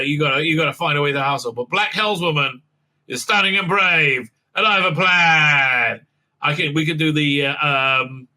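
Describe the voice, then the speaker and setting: A man's voice: fairly high pitch, pushed and bright, poor audio. A man hosting a sarcastic, casual TV episode recap, mocking and rambling with many fillers. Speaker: host and TV reviewer.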